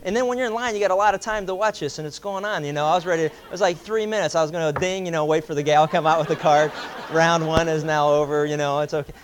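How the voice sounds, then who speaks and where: A man's voice: on the high side, fast talker, slight background noise. A man telling a casual, anecdotal story to a group, acting out quoted voices and chuckling as he goes. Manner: animated, acts out quoted voices, chuckles between lines.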